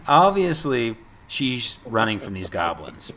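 A man recaps a movie in casual podcast chat. His pitch swings widely as he jumps into loud, high voices for the characters. He swears freely, over a faint hiss of background noise. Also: slow pace. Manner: animated, profane, acts out lines in loud high voices. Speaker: podcast co-host.

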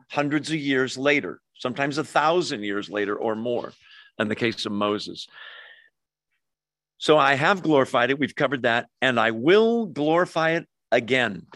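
A man's voice: mid-range voice, no echo. A preacher man with a dry, close sound. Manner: expressive preaching, asks the congregation questions. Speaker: pastor. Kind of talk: sermon.

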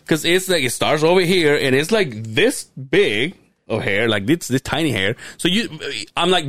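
A man's voice: normal speed, dry recording, studio quality. A man co-hosting a casual podcast, telling family stories with lots of swearing and acting out his relatives' lines. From abroad, moved to the country in 2001. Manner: animated storytelling, swearing, acts out relatives in high voices. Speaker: podcast co-host. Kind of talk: casual chat.

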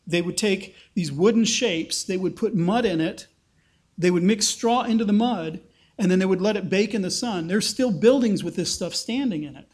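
High-voiced man preaching a sermon. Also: normal speed. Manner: animated, acts out quotes with rising pitch. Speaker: pastor. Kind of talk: expository sermon.

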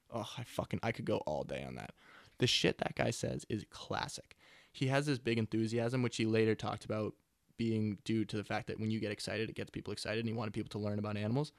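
Twenties male podcaster, laid-back profane chatter, gravelly, dry close mic. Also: fairly low pitch, quick pace, no echo. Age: 20s. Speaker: podcast host. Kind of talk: casual rambling monologue. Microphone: close studio mic.

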